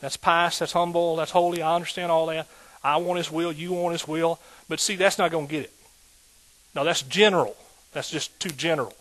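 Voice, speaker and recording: A man preaching a sermon in a lively call-and-response manner, asking the congregation questions. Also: fairly high pitch, fairly quick.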